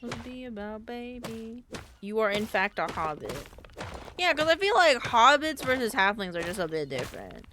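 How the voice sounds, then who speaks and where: Animated young woman streamer, rambling chat. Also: medium pitch, normal speed, noisy background. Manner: rambling, thinking aloud, playful. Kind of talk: casual gaming stream chat.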